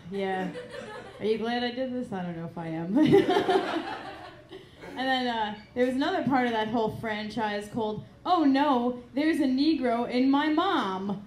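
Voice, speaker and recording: A woman's voice: fairly high pitch, background noise. A woman doing stand-up comedy on a club stage, giggling often and hesitating with many ums. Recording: echoey club room with ambience.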